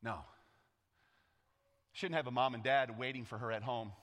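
A man's voice: medium pitch, steady tone, normal speed, a bit bright. A man, a pastor, preaching a sermon, telling a story dramatically and calling out for the congregation's response. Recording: echoey hall.

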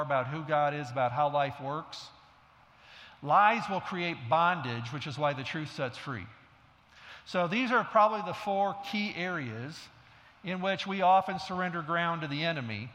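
A middle-aged male pastor delivers a sermon in a bright, forceful voice that sits a little high for a man. He tells stories conversationally, with self-deprecating asides. His words ring with long reverb through a large hall.

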